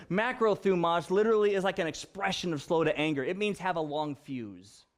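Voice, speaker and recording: A pastor delivering a sermon to his congregation in a high, light male voice. He teaches step by step, unpacks the meaning of words, and teases his listeners with easy laughter. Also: fairly quick.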